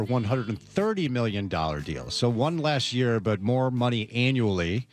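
A man's voice: mid-range voice, sing-song, moderate pace, hardly any pauses, faint music behind. Opinionated male sports talk host. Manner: confident, opinionated.

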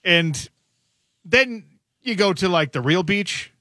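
Sports radio host, male, slightly higher pitched voice with bright, forceful tone, close dry studio mic, thinks out loud and chats casually. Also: lively intonation, slow pace, no echo. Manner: musing, conversational, thinks aloud. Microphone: studio microphone.

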